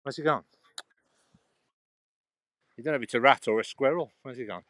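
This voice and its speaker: A man's voice: medium pitch, moderate pace, a bit bright, no room sound. Chatty man rambling on a walk. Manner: chatty, rambling, restarts often. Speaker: vlogger. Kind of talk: casual chat while walking. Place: outdoors in a churchyard.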